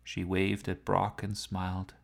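A man narrating a story aloud in a playful, lively storytelling manner. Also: sits low, measured pace, creaky.

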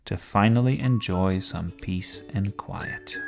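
A man hosting and reading a children's story, in a gentle, expressive way. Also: on the low side, takes it slowly, vocal fry, over music. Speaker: storyteller and podcast host.

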